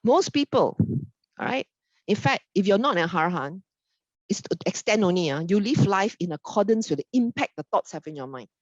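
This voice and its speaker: A woman's voice: medium pitch, fairly quick, no echo, muffled recording. A woman giving an informal Buddhist dharma talk, often asking "isn't it?" and acting out little quoted exchanges. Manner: animated, acts out little quoted exchanges, frequent tag questions.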